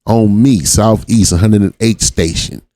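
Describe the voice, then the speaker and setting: A man's voice: on the low side, measured pace, dark tone, no room sound. A man from Watts giving blunt, profane reaction commentary on a video as the channel host. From Watts, Los Angeles. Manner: blunt, profane street talk.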